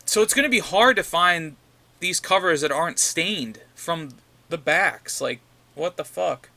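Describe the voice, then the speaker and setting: Male vlogger, bright higher voice, rambling profane rant about comics. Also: expressive, measured pace, creaky. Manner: ranting, profane, repeats himself. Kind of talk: casual rambling vlog.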